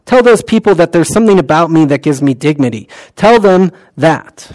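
A man preaching a sermon in a conversational way, with many fillers, and reciting prayers softly. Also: fairly high pitch, expressive, normal speed, dry recording, poor audio.

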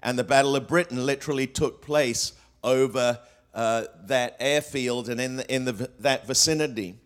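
Speaking at a normal speed with a medium-pitched voice, this pastor delivers a sermon to the congregation. He asks rhetorical questions, threads quotes through his message, and often uses fillers and restarts.

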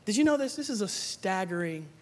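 A man's voice: high voice, lively intonation, brisk. A young adult man preaching a sermon, playful and joking, acting out Bible figures in casual slang. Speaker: pastor.

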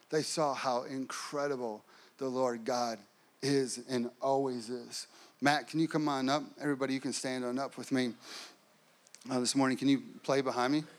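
A man preaching a sermon as pastor, telling a personal story with lively acted-out quotes. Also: medium pitch, normal speed.

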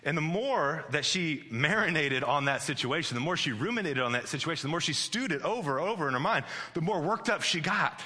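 A man's voice: a little high, expressive, fairly quick, few pauses, pushed and bright. A man preaching a sermon as pastor in a chatty, joking way, often restarting his sentences. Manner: conversational and joking, with frequent restarts and "like". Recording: long hall reverb.

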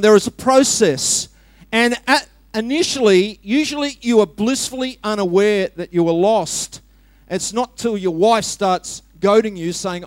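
High-voiced man preaching with humor. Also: no echo. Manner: humorous, storytelling, talks directly to the congregation. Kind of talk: sermon.

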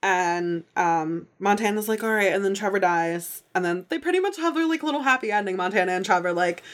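Chatty, excitable woman recapping a show. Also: medium pitch, brisk. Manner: chatty and excitable, heavy use of "like", acts out characters' lines. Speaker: podcast host. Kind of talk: casual TV episode recap.

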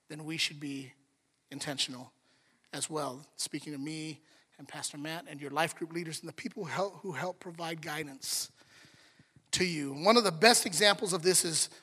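A man's voice: a little high, moderate pace, sharp tone, husky, in a large hall. A man preaching a sermon as a pastor, joking and talking conversationally with the congregation. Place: church sanctuary.

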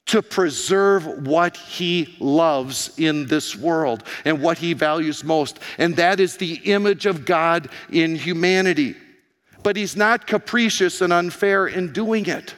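Man, pastor, hoarse, animated sermon, questions to the congregation, church hall reverb. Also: fairly high pitch, slow pace. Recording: long reverb of a large hall.

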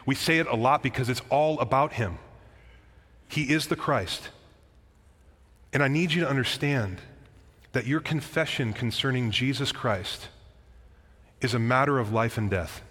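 A man's voice: medium pitch, a little slow, long pauses, fairly bright tone, slightly rough. A man preaching a sermon as pastor, earnest and emphatic, with casual asides to the congregation. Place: church sanctuary. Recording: church hall reverb.

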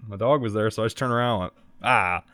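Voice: medium pitch, racing, no room sound. A podcast co-host in casual chat, telling stories animatedly and laughing often. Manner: animated storytelling, frequent laughing.

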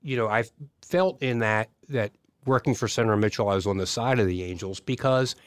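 A low-voiced man, a lawyer appearing as a podcast guest, talks in a measured, reflective way. He thinks out loud and pauses to rephrase. The recording is dry and close. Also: clean tone, no echo. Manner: measured, thoughtful, with restarts. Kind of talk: interview conversation.

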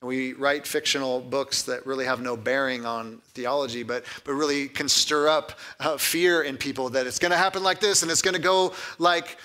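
A pastor preaching a sermon in a conversational, animated way, often repeating words and slipping in humor. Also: male voice, mid-range voice, normal speed, few pauses.

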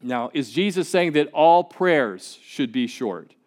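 A man's voice: fairly high pitch, expressive, slow pace, darkish tone. A pastor giving a sermon in a conversational, emphatic way, often repeating words as he goes.

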